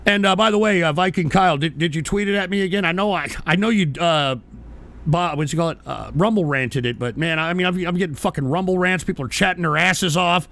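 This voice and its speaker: A male radio host ranting live at trolls in his chat, swearing and yelling, then sighing to calm himself. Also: sits high, fairly quick. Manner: swings between fury and sighing calm. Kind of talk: live call-in style radio rant.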